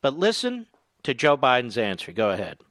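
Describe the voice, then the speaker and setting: A man's voice: medium pitch, huge pitch swings, moderate pace, fairly bright tone, no room sound. A man hosting a political talk radio show, emphatic and indignant, hammering points home by repeating them.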